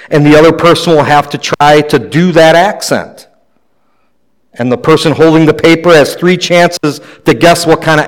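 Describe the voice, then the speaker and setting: Male pastor, slightly high voice, easygoing sermon delivery with gentle jokes. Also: low-quality recording. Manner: conversational preaching with light humor.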